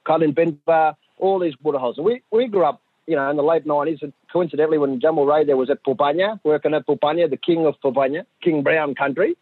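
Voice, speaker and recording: A middle-aged man, telling a story in a lively way and acting out the voices of the people in it. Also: on the high side, quick pace, few pauses, no echo. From Central Australia. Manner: animated, acts out voices of his sons and others. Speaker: community storyteller. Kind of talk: conversational storytelling. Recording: dry tinny phone-like audio.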